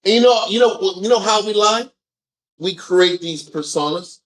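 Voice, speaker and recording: A man leading a group scripture discussion, animated and firing off rhetorical questions. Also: high-pitched, normal speed. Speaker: discussion leader.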